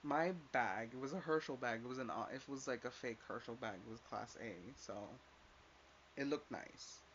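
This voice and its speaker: A man's voice: mid-range voice, moderate pace, fairly bright tone. Profane ranting young man. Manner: profane, emphatic, uses "like" a lot. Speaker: vlogger. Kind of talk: casual ranting storytime. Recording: slightly dull lo-fi sound with faint hiss.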